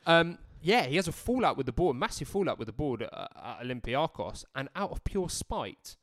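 A man in casual podcast chat who tells stories in an animated, joking way. His pitch moves up and down a lot. The recording is close and dry. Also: moderate pace, no room sound. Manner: animated storytelling, playful, jokey. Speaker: podcast co-host.

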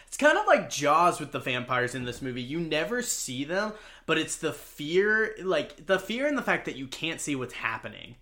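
A man's voice: fairly high pitch, big pitch swings, normal speed, sharp tone. A man co-hosting a casual podcast, retelling a movie plot with wry offhand asides. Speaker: podcast co-host.

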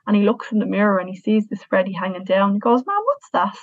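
A woman's voice: medium pitch, fairly even intonation, fast, darkish tone, no echo. A woman in her thirties with an Irish accent, telling a personal story in an earnest, emotional way with frequent restarts. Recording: tinny, dry phone-like sound.

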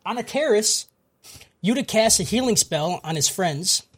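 A man's voice: sits high, lively intonation, normal speed, breathy edge. A man hosting a podcast, casually recapping an anime plot with profane jokes and a lot of "dude.".

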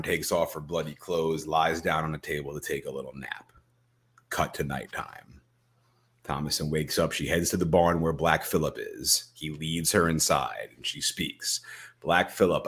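Man, very low voice, podcast co-host, lively scene-by-scene retelling, acts out dialogue. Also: normal speed. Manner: animated storyteller, acts out quoted lines. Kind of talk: casual podcast recap, retelling film scenes.

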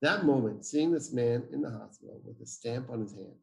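A man's voice: medium pitch, fairly quick, creaky, darkish tone. A man, a guest telling a personal story emphatically and acting out the dialogue. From Israel. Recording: roomy echo.

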